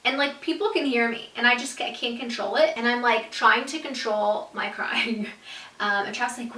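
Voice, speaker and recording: A young woman vlogger telling a storytime story, animated and casual, with lots of "like" and some swearing. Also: fairly high pitch, fairly quick, roomy sound, far from the mic. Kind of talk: storytime vlog.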